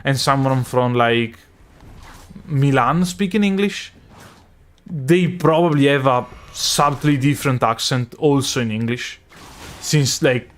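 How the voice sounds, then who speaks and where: A man from Northeast Italy with a Northeast Italian accent, whose first language is Italian, streaming a game and rambling in casual asides while he plays. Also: mid-range voice. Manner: chatty, rambling asides between game reactions. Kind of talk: casual live gameplay commentary.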